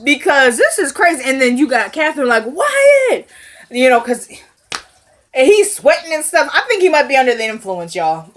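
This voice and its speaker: A woman's voice: on the high side, slight background noise. A young woman giving a casual, chatty recap of a TV episode, laughing and talking straight to her viewers. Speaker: TV recap vlogger.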